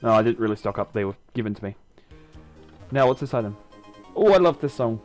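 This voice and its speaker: Male gamer narrating his playthrough, chatty and self-mocking, with a lively, bouncing pitch. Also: fairly quick, soft background music, low-quality recording. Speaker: gaming YouTuber. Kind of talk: let's-play commentary.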